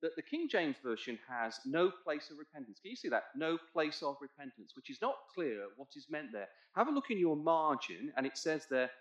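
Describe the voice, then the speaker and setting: A man with a slightly high, very animated voice preaches at a moderate pace with few pauses, and the audio sounds dull. Walking his congregation through the Bible text, he has them look in their Bibles and rises to emphatic, loud points. The church hall is echoey.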